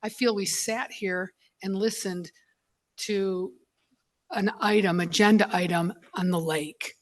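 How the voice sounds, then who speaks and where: A school board member, a woman, speaking at a public meeting in an emotional, halting way, choked up and apologizing as she goes. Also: mid-range voice, steady tone.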